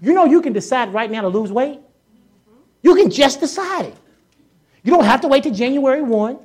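A woman's voice: high voice, expressive, moderate pace, darkish tone, husky. A woman preaching a sermon in a casual, joking way, often acting out voices and sounds and repeating herself for emphasis. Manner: casual colloquial speech with repetitions.

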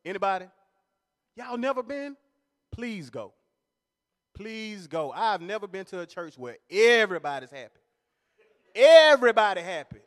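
A man doing animated stand-up comedy at a church service, laughing at his own jokes as he tells stories. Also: high voice, moderate pace, long pauses. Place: large church hall. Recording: long reverb of a large church hall.

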